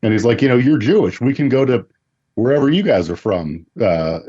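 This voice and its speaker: A man's voice: medium pitch, animated, a little fast, warm tone, husky, dull audio. A man co-hosting a casual podcast chat with laid-back, dry remarks. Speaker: podcast co-host.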